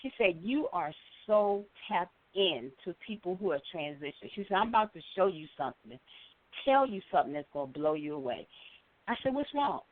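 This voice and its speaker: A middle-aged woman calling in to a show, telling a story with lively acted-out quotes. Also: lowish voice, fairly quick. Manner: animated storyteller, acts out quoted voices. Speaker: caller. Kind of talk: call-in storytelling. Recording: phone line.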